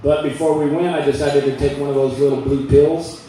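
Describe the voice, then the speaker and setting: A man performing a stand-up comedy set on a club stage, telling jokes in a loose, conversational way with quick voiced asides. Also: medium pitch, fairly even intonation, dark tone, slight background noise. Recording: echoey room, mic at a distance.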